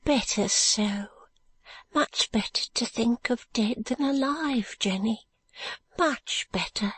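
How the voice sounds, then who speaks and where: A woman voicing a poor, weary brickmaker's wife who speaks softly and sorrowfully in an audiobook. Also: a little high, slow pace, breathy edge, dry recording, pitched above the performer's own voice, full character voice. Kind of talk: audiobook narration.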